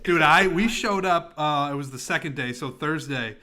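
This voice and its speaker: A man co-hosting a podcast, chiming in with quick, joking banter. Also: on the high side, over a noisy crowd. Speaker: podcast co-host. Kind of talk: casual podcast chat.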